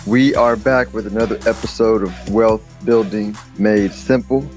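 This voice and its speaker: A man hosting a podcast, talking loosely and tripping over his words as he restarts thoughts. His voice sits somewhat low, and soft music plays faintly behind him. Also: fairly even intonation, measured pace. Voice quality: stumbling restarts, laughs easily. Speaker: podcast host. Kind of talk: casual conversational chat.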